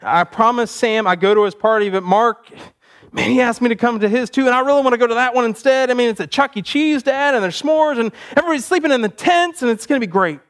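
A man voicing an excited young boy in a sermon story, eager and stammering. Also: high voice, normal speed, few pauses, smooth, voice pushed up.

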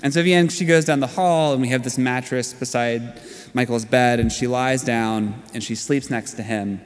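Male preacher, 30s, earnest conversational sermon, medium pitch, echoing church hall. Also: fairly even intonation, moderate pace. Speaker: pastor. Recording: long hall reverb.

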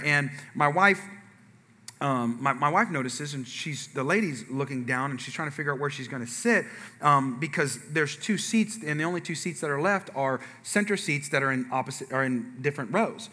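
Man, pastor, comic sermon story, fairly high voice, long hall echo. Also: a little fast. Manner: animated storyteller, acts out quotes, asks audience.

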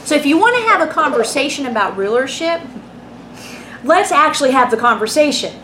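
A woman giving a lively, conversational Bible lesson, telling stories and asking rhetorical questions. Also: high voice, brisk, slight background noise. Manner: animated, storytelling, asks rhetorical questions. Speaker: Bible teacher.

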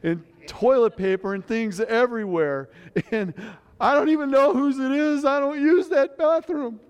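A man voicing his panicked young adult daughter, frantic and close to tears, with a rushed, rising delivery. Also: fairly low pitch, fairly even intonation, darkish tone, clean tone, pitched above the performer's own voice, lightly acted. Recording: long hall reverb.

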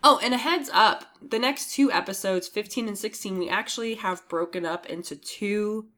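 Woman podcast co-host, sick with a cough, loose and chatty, quick to laugh. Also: mid-range voice, sharp tone. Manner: laughs often, swears casually. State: coughing with a cold. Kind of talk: casual fan podcast chat.

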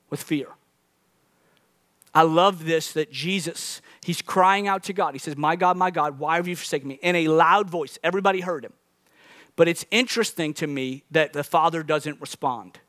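A man's voice: high-pitched, a bit bright, no room sound, clean studio sound. A man preaching a sermon as pastor, earnest, restarting phrases often and building to emphatic peaks.

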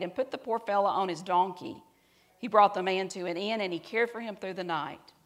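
Woman, middle-aged, preacher, earnest, soft-spoken at emotional points. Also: medium pitch. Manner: earnest storytelling, drops to soft quiet tones at emotional parts. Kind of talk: sermon with personal story.

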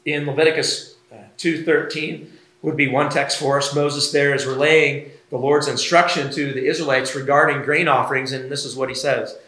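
A man preaching an expository sermon, measured and teaching, with occasional fillers. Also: mid-range voice, fairly even intonation, bright, forceful tone. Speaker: pastor.

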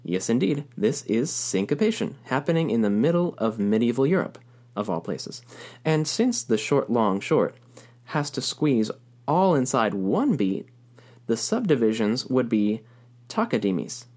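A man narrates a recorded music lesson at an ordinary mid pitch. He explains patiently and speaks the rhythms aloud as he goes. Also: sing-song, measured pace, a little mellow. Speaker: music teacher.

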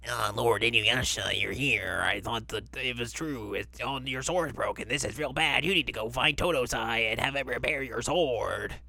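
A man's voice: medium pitch, moderate pace, vocal fry, few pauses, sharp tone, no echo. Cartoon flea servant, old male, fussy, fretting and chatty, a podcast host doing him dry close sound. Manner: fretful and chatty.

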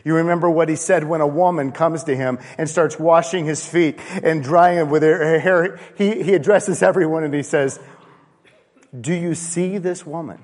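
A man's voice: a little high, steady tone, moderate pace, few pauses, darkish tone. A man preaching a conversational sermon with rhetorical questions and playful asides in a church. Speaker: pastor. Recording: long reverb of a large hall.

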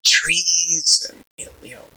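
A man's voice: on the high side, extremely slow, vocal fry, poor audio. A man from Connecticut telling his conversion testimony in casual street speech, acting out the quotes as he goes. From Bridgeport, Connecticut, USA. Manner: animated storyteller acting out quotes. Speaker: preacher giving his testimony. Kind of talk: personal testimony storytelling.

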